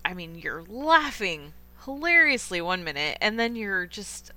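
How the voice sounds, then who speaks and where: Woman, young adult, film podcast host, bright voice, enthusiastic, opinionated, casual chat. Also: mid-range voice, very animated, unhurried, dry recording. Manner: enthusiastic, opinionated, chatty with fillers.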